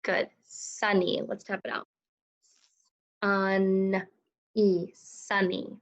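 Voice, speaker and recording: Patient, slow-spoken woman teaching phonics. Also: mid-range voice, gravelly, poor audio. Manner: patient, slow, sounding out words. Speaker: second grade teacher. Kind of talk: phonics lesson for children.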